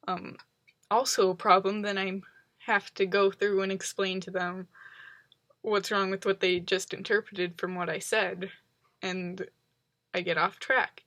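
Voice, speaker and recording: A woman's voice: medium pitch, a bit bright, no room sound. Woman vlogger rambling thru her thoughts, lots of ums and likes, dry close sound. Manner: reflective, analytical. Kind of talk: casual monologue to camera.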